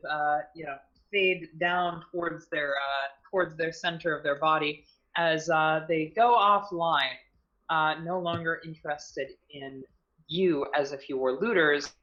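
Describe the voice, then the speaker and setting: A woman's voice: low-pitched, a bit bright, highs cut off. An American woman running a tabletop game as game master, narrating in a rambling way full of fillers. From United States.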